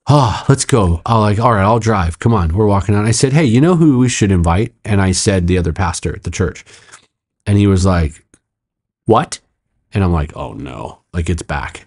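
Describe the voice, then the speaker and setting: In a podcast chat, a middle-aged pastor narrates a story fast and emphatically, though a little mellow in tone. He acts out quotes with abrupt pitch jumps and leans heavily on "like" and "I'm like."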